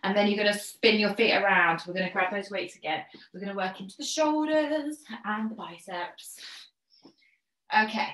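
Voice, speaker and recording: In an echoey room, a woman with a mid-range, somewhat bright voice speaks at normal speed while instructing an online pilates class. She's a fitness instructor who stays encouraging, talks through each move step by step, and counts reps, sounding a touch out of breath.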